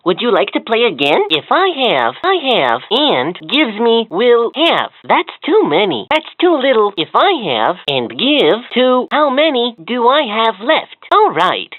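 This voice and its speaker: A cheerful talking learning toy, chatty and encouraging, with a giggly joke-telling manner. Its voice leaps all over in a sing-song way. It comes through tinny and completely dry, like a small toy speaker. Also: female voice, fairly high pitch, wildly swooping pitch, measured pace, few pauses, dry recording, full character voice. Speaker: voice of a children's educational toy. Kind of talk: scripted toy voice lines.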